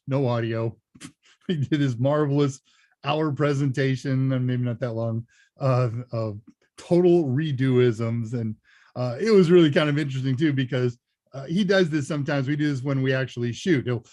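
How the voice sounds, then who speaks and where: A man's voice: medium pitch, darkish tone, dry recording, clean studio sound. A man hosting a live tech Q&A, chatting casually and rambling with chuckling asides. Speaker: host and senior instructor. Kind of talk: casual livestream Q&A chat.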